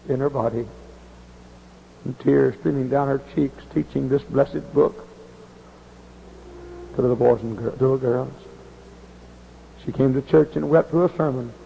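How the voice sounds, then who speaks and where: A man's voice: medium pitch, vocal fry, long reverb tail, slight background noise. A man preaching a revival sermon before a large congregation, telling stories with passion and hollering. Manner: hollering, impassioned storytelling. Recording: muffled lo-fi recording.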